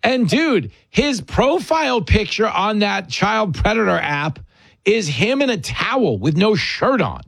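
A man's voice: high-pitched, big pitch swings, unhurried, gravelly, a bit bright, slightly rough, no echo. A man hosting a talk show, joking with a guest in loose comedic banter and laughing often. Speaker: radio host.

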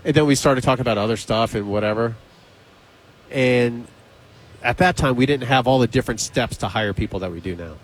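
A man hosting a radio show, telling a behind-the-scenes story in casual on-air chat, animated, acting out both sides of the conversation. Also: mid-range voice, brisk. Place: radio studio.

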